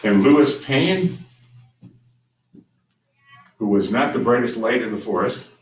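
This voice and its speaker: A man teaching a history class, telling the story conversationally with frequent restarts. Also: fairly low pitch. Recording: roomy, distant mic with faint ambient noise.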